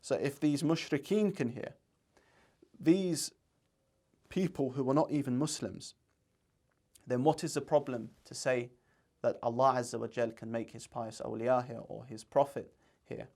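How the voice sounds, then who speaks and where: Speaking at a measured pace with long pauses, a man offers earnest, argumentative religious commentary that includes scripture readings and Arabic recitations. His voice is medium-pitched and darkish.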